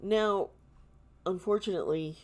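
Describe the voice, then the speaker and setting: A woman hosting a tarot channel, speaking in a casual vlog style, earnest and halting, with many pauses and restarts. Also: medium pitch.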